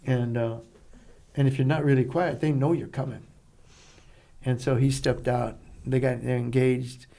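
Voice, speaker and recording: Gravelly older man telling blunt stories. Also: mid-range voice, steady tone, measured pace, warm tone. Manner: blunt, profane storytelling that acts out dialogue. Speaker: guest, Vietnam veteran. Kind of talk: casual storytelling interview.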